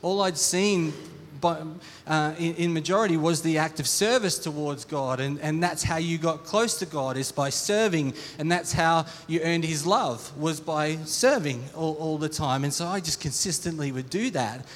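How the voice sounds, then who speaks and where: Earnest higher-voiced man preaching in a reverberant church hall. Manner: earnest, halting, with frequent restarts and repeated words. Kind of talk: sermon, personal testimony.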